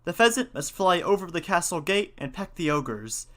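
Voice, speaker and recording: A man's voice: high voice, sing-song, normal speed, fairly bright tone, pitched above the performer's own voice. A man voicing a brave young hero in a spoken folktale, bold and rallying. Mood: commanding.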